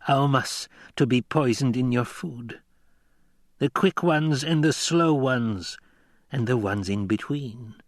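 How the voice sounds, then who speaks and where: A menacing old crone, as a male narrator puts her on, speaking slowly and sternly, every word an order. Her voice sits at a middling pitch and takes its time. The recording is dry and close, with no room sound. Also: no room sound. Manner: slow, stern, commanding.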